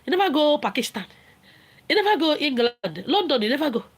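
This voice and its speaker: Animated Nigerian woman, high voice. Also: a little fast. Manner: animated, laughing, mixes Pidgin and Igbo, acts out quotes. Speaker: livestream host. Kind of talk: casual livestream talk.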